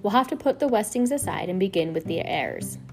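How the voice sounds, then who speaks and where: Woman reading a cool measured judge. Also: mid-range voice, animated, vocal fry, music in the background.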